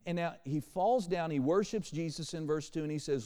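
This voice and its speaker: A man preaching a sermon as pastor, animated, shifting between quiet and loud passages. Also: a little high, normal speed, big-room sound. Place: church sanctuary.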